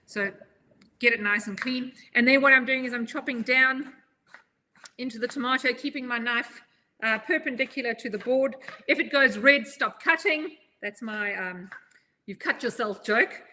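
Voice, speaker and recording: A woman's voice: fairly high pitch, moderate pace, bright, forceful tone, a little hiss or hum. A woman chef giving a chatty, upbeat live knife-skills demonstration, joking at her own expense as she goes. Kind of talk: live cooking demo.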